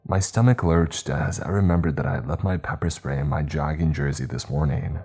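A man reading a horror story aloud in steady, measured, scripted narration. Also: very deep voice, husky, soft background music.

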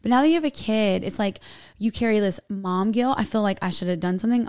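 A woman's voice: medium pitch, fast talker, a little mellow, clear, resonant tone, no echo, clean studio sound. A young woman, co-hosting a podcast and rambling through a personal story in casual chat. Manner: chatty, rambling storytelling with many "like"s. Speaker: podcast co-host.

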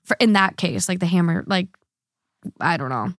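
A slightly drunk woman hosts a podcast, rambling through online comments with lots of fillers and slips. Her lowish voice is animated with vocal fry at a moderate pace, recorded dry with studio quality.

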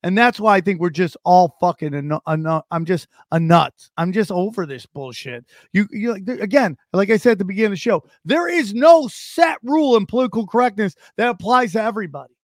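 A man's voice: high-pitched, expressive, a little fast, few pauses, no room sound, clean studio sound. A man ranting profanely in casual podcast chat, stumbling and restarting his sentences.

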